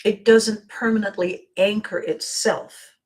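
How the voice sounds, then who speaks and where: A woman hosts a live motivational show and talks straight to her viewers in a voice of ordinary, middle pitch. She speaks earnestly and often repeats a word as she restarts a sentence. Now and then she breaks off to greet viewers by name. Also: fairly even intonation, slow pace, a little mellow.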